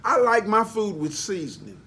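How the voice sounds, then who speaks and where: A man's voice: high voice, very animated, normal speed, bright, forceful tone, a little hiss or hum. A man preaching a sermon, emphatic and folksy, spelling out words for emphasis. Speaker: pastor.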